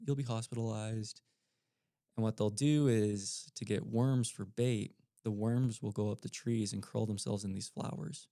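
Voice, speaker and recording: A man with a low, gravelly, mellow voice recounts his story in a relaxed, animated way, dropping in the odd um. The sound is dry and close. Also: dry recording. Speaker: podcast guest, missionary. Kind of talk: casual storytelling.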